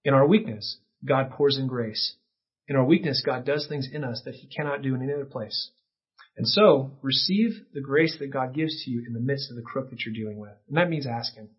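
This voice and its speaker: Male pastor, husky voice, impassioned sermon delivery, slightly dull lo-fi recording. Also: medium pitch, brisk. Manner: impassioned, rising to near-shouting peaks. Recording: dull lo-fi sound.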